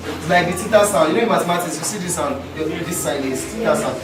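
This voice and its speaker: A man with a Nigerian accent teaching pronunciation to a class, drilling sounds by repeating words loudly. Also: a little high, fast, noisy background. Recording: echoey room from far off with music.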